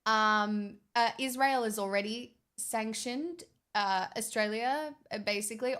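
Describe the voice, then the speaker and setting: Sarcastic banter fills this casual livestream, where a young woman talks with her viewers in a medium-pitched, slightly bright voice.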